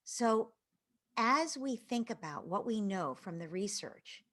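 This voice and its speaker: A woman parenting educator giving a live online talk to parents, earnest, with phrases that trail off into breathy near-whispers. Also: mid-range voice, animated, slow, a bit bright.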